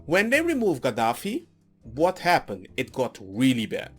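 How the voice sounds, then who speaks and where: A man giving a rambling, animated political rant with mocking asides. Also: mid-range voice, moderate pace, breathy edge, faint music behind. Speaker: political commentator. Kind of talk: ranting commentary.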